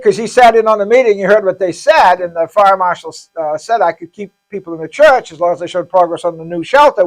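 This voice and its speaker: A man, a pastor, telling a story in a casual interview, stumbling and repeating words and acting out the lines of others. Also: high-pitched. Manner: halting, repeats words, acts out quoted dialogue. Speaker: pastor, shelter founder.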